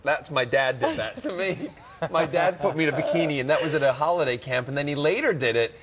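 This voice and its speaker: A man's voice: fairly high pitch, a little fast, crowd noise. A Scottish-born man in his forties, speaking with an American accent, chatting as a TV studio guest with frequent laughs and restarts. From Scotland. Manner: bubbly, laughs often, chatty with many restarts. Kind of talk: casual chat.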